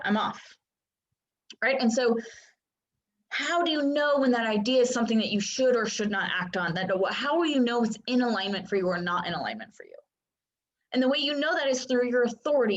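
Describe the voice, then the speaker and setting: A woman coach teaching in a casual, chatty way and often checking in with listeners. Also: a little high. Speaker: Human Design coach. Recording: dull lo-fi sound.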